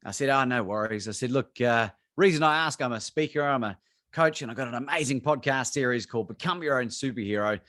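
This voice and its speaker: An Australian courage coach, speaking as a guest on a video call, tells a story and plays both sides of his phone conversations. His medium-pitched voice is a bit bright and fairly quick, recorded cleanly in a studio with no echo.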